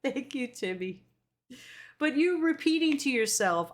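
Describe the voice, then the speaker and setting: A woman streamer chatting casually on a live stream, reading viewer comments aloud and talking in an animated way with the odd swear. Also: high voice, unhurried.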